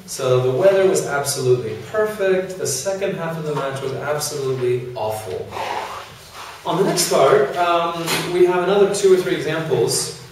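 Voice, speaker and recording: A man's voice: on the high side, moderate pace, slight background noise. A man teaching an English grammar lesson to a class, explaining with many examples and fillers. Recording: echoey classroom from far off.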